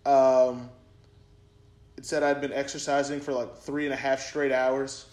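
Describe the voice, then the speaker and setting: Young male podcast co-host, casual and rambling, mid pitch, echoey room. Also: flat delivery, measured pace, a little mellow. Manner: rambling, many fillers and repeats. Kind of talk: casual storytelling chat. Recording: roomy echo.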